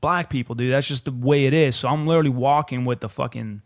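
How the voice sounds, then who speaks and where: A man's voice: medium pitch, fast. Young male podcast co-host, loose and profane, rambling anecdote delivery. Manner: profane, rambling storyteller saying "dude" a lot. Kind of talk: casual chat.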